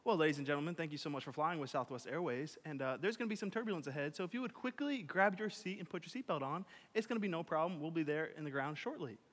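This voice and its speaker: A man playing a hushed, soothing flight attendant. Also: on the high side, expressive, quick pace, hardly any pauses, voice pushed down. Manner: soft, hushed announcement voice. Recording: reverberant hall.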